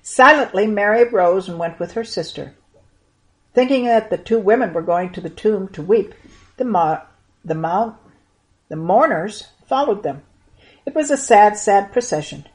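A woman reading a Bible story aloud to children in an earnest, expressive way. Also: mid-range voice, measured pace.

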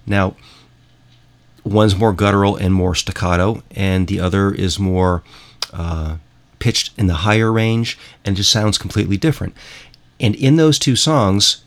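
A man's voice: on the low side, a bit bright. A man hosting a show, talking in a rambling, emphatic way and repeating himself as he introduces music clips. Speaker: host. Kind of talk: casual monologue playing music clips.

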